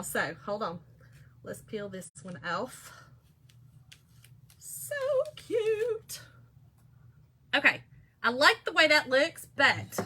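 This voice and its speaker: A woman telling a story casually to viewers while she works on a craft project. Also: a little high. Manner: chatty, animated, addresses viewers as y'all. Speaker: craft vlogger.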